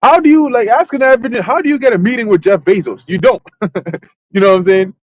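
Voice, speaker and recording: During a church livestream, a high-voiced male teacher delivers a loose, conversational sermon with lively intonation. He halts often, leaning on fillers and repeating himself as he searches for words before pressing on with his point. The low-quality recording has no room sound.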